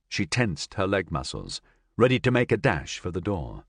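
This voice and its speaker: A man reading a science fiction audiobook in an expressive, dramatic narrating style. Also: low-pitched, moderate pace, no echo, studio quality. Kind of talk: scripted narration.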